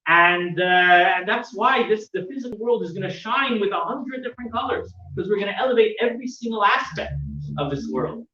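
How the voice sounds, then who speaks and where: A man's voice: sits high, lively intonation, brisk, sharp tone. A man teaching a weekly Torah class, telling a story with lots of fillers and restarts. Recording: roomy, dull sound from a distant mic.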